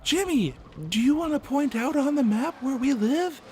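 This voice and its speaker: A man voicing a patronizing schoolteacher in a high, sing-song voice that talks down to a slow pupil. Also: expressive, a little mellow, a little hiss or hum. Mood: condescending.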